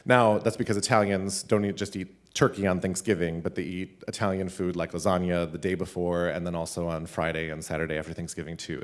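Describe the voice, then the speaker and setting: A man, a teacher, telling a funny personal story live at a school event, animated and laughing between lines. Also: on the low side. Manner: animated, laughing, with many "like" fillers.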